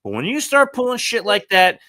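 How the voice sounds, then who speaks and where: A man's voice: high-pitched, brisk. A man co-hosting a casual podcast chat, ranting with lots of swearing. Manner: animated, profane ranting. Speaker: podcast co-host.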